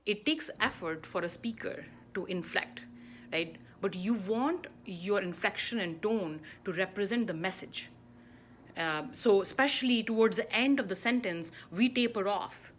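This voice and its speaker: A middle-aged woman teaching public speaking in an emphatic coaching voice. She lands her points firmly and keeps tagging them with a quick "right?" to her listeners. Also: mid-range voice, lively intonation, a little hiss or hum. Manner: emphatic, with frequent rhetorical "right?" checks.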